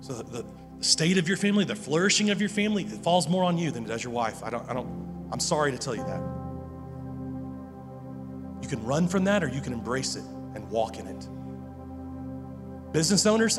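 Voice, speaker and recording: A man preaching a sermon as pastor, earnest, often repeating words as he presses a point. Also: on the high side. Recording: long hall reverb with music behind.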